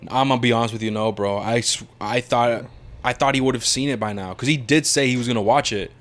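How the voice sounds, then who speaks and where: Young guy rambling on a podcast, halting, restarts a lot, slangy, middle-pitched voice. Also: fairly bright tone. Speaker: podcast co-host. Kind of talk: casual chat.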